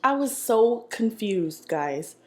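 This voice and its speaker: A woman's voice: a little high, sing-song, takes it slowly. A young woman vlogger telling a sassy, slangy story while she eats. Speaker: mukbang vlogger. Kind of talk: casual storytelling while eating.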